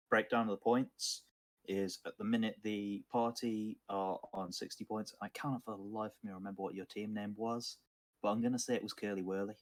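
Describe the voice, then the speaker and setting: Man, low pitch, flat halting game-master narration, lots of ums. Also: no room sound. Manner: halting, many ums and uhs, self-described monotone. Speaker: dungeon master. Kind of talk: narrating a tabletop game recap.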